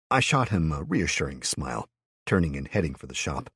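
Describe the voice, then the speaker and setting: A man narrating a fantasy audiobook in the first person, in a steady storytelling manner. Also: extremely low pitch, brisk, husky, no echo, studio quality.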